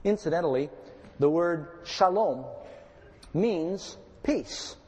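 A man pastor delivering a calm, measured sermon with dramatic scripture readings. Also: fairly high pitch, in a large hall.

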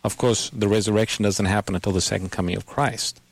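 A man's voice: lowish voice, steady tone, fast, creaky, no room sound. A man hosting a radio Bible call-in program, patiently explaining scripture to a caller and quoting verses.

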